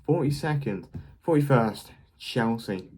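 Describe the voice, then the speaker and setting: A young man giving quick, blunt, jokey verdicts in a casual vlog, ranking football shirts as the channel host. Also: medium pitch, lively intonation, darkish tone, husky.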